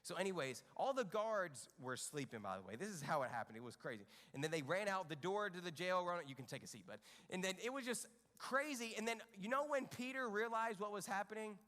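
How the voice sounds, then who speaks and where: A man with a high, lively voice leads a children's church lesson. He acts out the story with energy and keeps asking the kids questions. His voice carries a long reverb, as if in a big hall. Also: brisk, few pauses. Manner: animated, asks the children questions. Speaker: children's ministry leader. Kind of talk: telling a Bible story to kids. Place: church kids' room stage.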